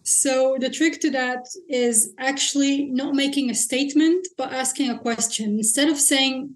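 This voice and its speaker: A woman's voice: high-pitched, fairly even intonation, measured pace, hardly any pauses, a little hiss or hum. A woman mindset coach, a podcast guest, explaining her methods in a direct, matter-of-fact way. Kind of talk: casual interview chat.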